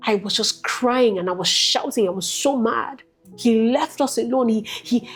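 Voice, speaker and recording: A woman with a husky, breathy voice gives a candid personal testimony as an interview guest. She talks softly and leans on repetition to drive home what she felt. Faint music sits behind her. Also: on the high side, normal speed. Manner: candid, soft-spoken, repetitive emphasis, rising to intense. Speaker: guest sharing a personal story.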